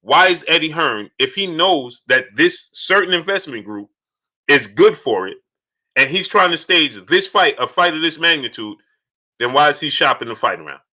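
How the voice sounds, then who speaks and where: A man hosting a casual live stream, shouting out viewers by name and repeating his points in an animated way. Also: fairly high pitch, normal speed. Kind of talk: casual live-stream chat reading super chats.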